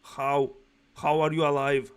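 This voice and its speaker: A man's voice: fairly high pitch, flat delivery, unhurried, clear, resonant tone. A man doing reaction commentary in aggressive, profane, mocking rants.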